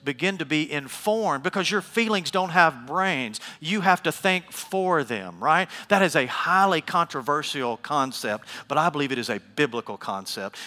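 A man's voice: fairly high pitch, pushed and bright, long reverb tail. A man preaching a sermon, emphatic, asking the congregation questions and calling for responses. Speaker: pastor.

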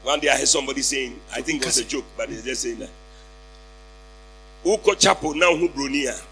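A man preaching a sermon through an interpreter, shouting declarations for the congregation to repeat. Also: medium pitch, brisk, faint music behind, rough recording. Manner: shouted call-and-response declarations, rising to fervent outbursts.

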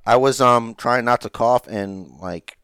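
A man's voice: medium pitch, a little slow, a bit bright, clean tone, no echo, clean studio sound. Congested, rambling man on a podcast. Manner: rambling, profane, joking. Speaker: podcast co-host. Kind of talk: casual chat.

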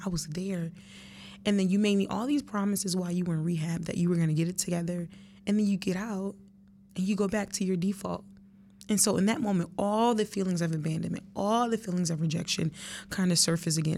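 An earnest woman in her early thirties tells her own story on her podcast, emotional and direct with her listeners. Her voice sits fairly low. A faint hum runs under the recording. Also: brisk, darkish tone. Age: 30s. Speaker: podcast host. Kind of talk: personal storytelling monologue.

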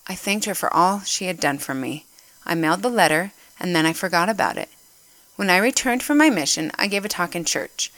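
A woman's voice: lowish voice, animated, brisk, a bit bright, dry recording. A woman giving an earnest devotional talk, reading a story aloud and getting emotional as she goes. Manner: emotional, earnest, gets choked up. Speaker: church speaker.

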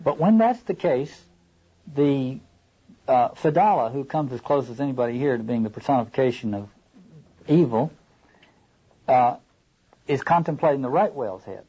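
Man giving a halting literature lecture. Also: medium pitch, expressive, mellow, slightly rough. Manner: thoughtful, halting, rereads quoted lines aloud. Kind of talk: classroom lecture with read-aloud passages. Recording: dull lo-fi lecture recording.

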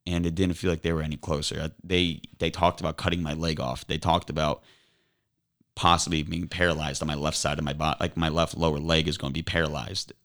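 A very low-voiced young man speaks as a podcast guest, slowly and earnestly recounting a personal ordeal. He halts and restarts his sentences as he goes. His tone is deep and grounded. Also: level tone, a bit bright. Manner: earnest, halting retelling with repeated restarts. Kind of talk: emotional personal storytelling.

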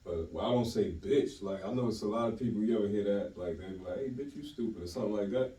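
A blunt, animated man in a casual group conversation, laughing easily and talking in heavy slang. His voice is very dark and mellow. He sits back from the mic, so the sound is roomy and distant. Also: on the low side, fast talker. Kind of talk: casual chat.

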